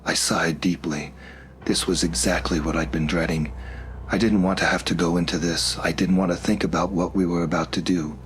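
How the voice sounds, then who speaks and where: A man narrating a first-person horror story in a steady, measured way. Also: sits low, a little hiss or hum.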